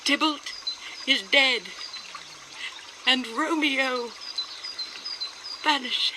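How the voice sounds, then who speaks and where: A woman voices a torn teenage bride in a dramatic Shakespeare reading, her voice high and the verse unhurried. Every line is declaimed slowly. Steady background ambience and noise run under the recording. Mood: grieving. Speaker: reader of Shakespeare lines.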